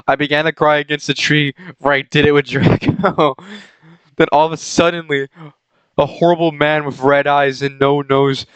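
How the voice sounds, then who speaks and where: A young man reads fan fiction aloud as a comedy bit on his channel, adding commentary. He keeps dissolving into giggles, stumbling over words and correcting himself. His voice is fairly high, bright, clear, and resonant, with no room sound, though the recording is rough.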